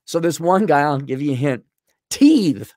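A man's voice: a little high, brisk, no room sound, studio quality. A middle-aged man ranting bluntly and sarcastically in a vlog monologue. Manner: blunt, sarcastic, animated, mocks others in put-on voices. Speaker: vlogger.

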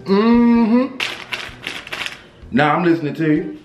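Male comic for a phone-call sketch, animated and joking, in a roomy space. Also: on the high side, normal speed, noisy background. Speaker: comedy skit creator. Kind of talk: comedic phone call skit.

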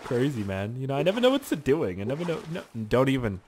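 A man's voice: mid-range voice, huge pitch swings, fast talker, a little mellow, a little hiss or hum. A young man commentating a survival game, rambling, joking and talking to himself. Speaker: gaming channel host. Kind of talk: let's play game commentary.

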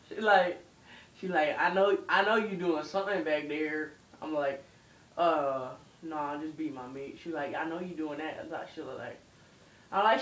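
A man's voice: fairly high pitch, normal speed, a bit bright. A groggy young man, loopy after dental anesthesia, rambling and giggling through a slurred story. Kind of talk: casual home video rambling. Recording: echoey room, far from the mic.

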